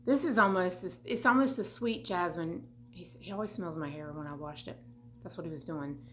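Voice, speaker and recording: A woman's voice: on the low side, normal speed, fairly bright tone, faint music behind. Chatty woman rambling through a haul. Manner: chatty, rambling, asides and restarts. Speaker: vlogger. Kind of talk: casual haul chat. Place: home room.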